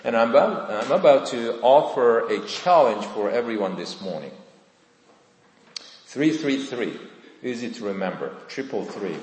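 A man preaching a sermon in church, earnest and deliberate, with emphatic rises on key points. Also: fairly low pitch. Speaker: pastor. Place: church sanctuary. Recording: echoey church hall.

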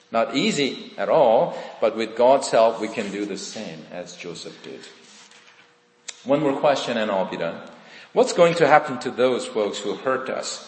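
A man preaching a sermon, earnest and questioning his listeners directly. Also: fairly low pitch. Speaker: pastor. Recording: echoey hall with long reverb.

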